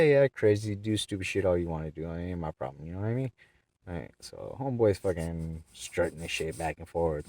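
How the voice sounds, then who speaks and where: Profane low-voiced man telling a story. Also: mellow, no room sound, far from the mic. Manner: profane, rambling, acts out the people he quotes. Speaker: vlogger. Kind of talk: casual storytelling vlog. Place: in his car.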